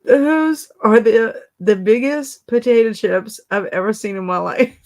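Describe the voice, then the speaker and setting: A slightly high-pitched woman talks a little slowly while hosting an easygoing livestream. Giggly and quick to exclaim, she keeps reading her viewers' comments aloud.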